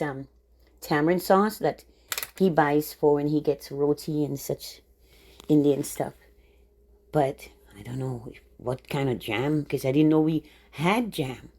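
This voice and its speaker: A woman's voice: low voice, darkish tone. A woman from the Caribbean with a Caribbean accent, talking casually and rambling, laughing often and restarting her sentences. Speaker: vlogger. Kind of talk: casual monologue.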